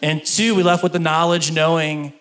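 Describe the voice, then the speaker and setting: Casting: a middle-aged stand-up comedian, a man from Kentucky, higher-pitched storyteller. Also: moderate pace. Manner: storytelling, animated punchlines. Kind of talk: stand-up routine, then interview. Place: stage before a live audience.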